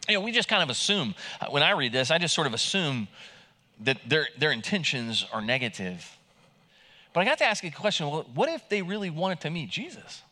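A man's voice: on the high side, big pitch swings, fairly quick, pushed and bright. A man preaching a sermon in a conversational way, retelling scripture with many restarts and acting out the quoted lines. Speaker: pastor.

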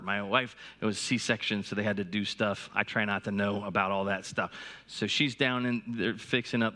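A man's voice: lowish voice, fairly bright tone. A man in his forties, a pastor giving a sermon through a personal story, talking conversationally and often restarting his sentences.

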